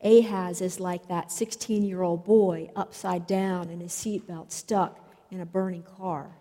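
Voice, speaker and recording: Slow-speaking woman preacher in a reverberant hall. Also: on the low side, fairly even intonation, warm tone. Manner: slow, measured storytelling delivery. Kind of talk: sermon. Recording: long reverb of a large hall.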